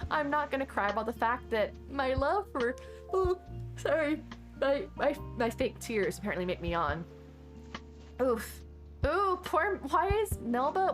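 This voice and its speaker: A woman streaming a game and chatting casually, rambling along with sudden excited exclamations. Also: on the high side. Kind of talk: casual gameplay chat. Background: chill background music.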